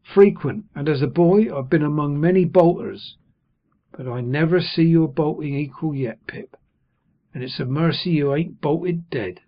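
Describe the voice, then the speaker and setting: A man voicing a gentle, simple-hearted blacksmith in an audiobook, earnest and worried in manner, with a husky voice. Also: a little high, unhurried, highs cut off. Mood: confiding. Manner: earnest, confiding, fretful.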